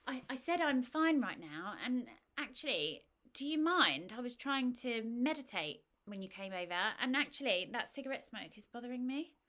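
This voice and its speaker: A flustered, anxious holidaymaker who talks huffily and mocks herself, her voice lifted a little higher than the narration, as a woman acts her out. She sounds like a storybook heroine who is jittery but trying. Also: animated, moderate pace, hardly any pauses, fairly bright tone. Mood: huffy. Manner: huffy, flustered, self-mocking.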